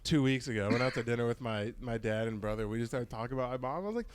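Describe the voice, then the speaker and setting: A young man in casual podcast chat, loud and animated, breaking into high mocking voices. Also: fast. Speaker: podcast host.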